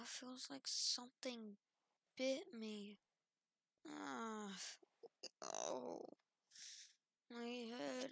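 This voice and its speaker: A woman acting out a casual game role-play in a slightly high, gravelly voice. She speaks slowly and haltingly, often pausing on fillers. The sound is dry and close. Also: bright, forceful tone, dry recording. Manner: hesitant, halting, full of fillers. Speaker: role-play channel host.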